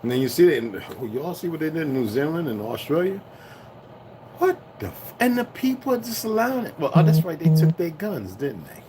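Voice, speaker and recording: Man, voice a touch high, profane rambling rant, faint traffic noise behind. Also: sing-song, brisk. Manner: profane, heated, swings from shouting to muttering. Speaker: vlogger.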